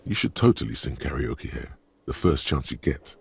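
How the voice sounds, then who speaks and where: An actor voicing a brooding inner narrator in a game, speaking slowly in a deep, gravelly, ominous tone. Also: male voice, very animated, full character voice. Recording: dull lo-fi game capture with music.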